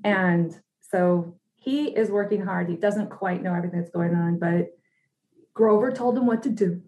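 A woman's voice: lowish voice, moderate pace, a little mellow. Chatty, sassy woman podcast co-host. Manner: chatty and sassy, laughs often, lots of "like". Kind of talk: casual chat.

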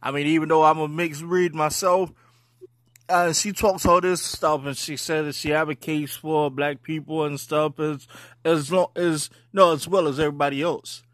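A man calls in to a comedy podcast with a voice message, easygoing and thinking out loud. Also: a little high, steady tone, normal speed, no room sound, clean studio sound. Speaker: caller.

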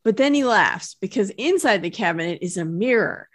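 A woman co-hosting a podcast, retelling a cartoon episode in an animated storytelling way and laughing easily. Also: mid-range voice, moderate pace. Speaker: podcast co-host. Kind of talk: casual chat recapping a cartoon.

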